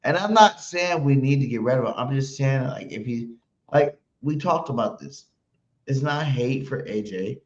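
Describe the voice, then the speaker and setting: A man's voice: medium pitch, animated, moderate pace. A man co-hosting a casual sports talk show, arguing his point with emphasis. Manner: argumentative, emphatic. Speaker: co-host. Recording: roomy, dull lo-fi sound.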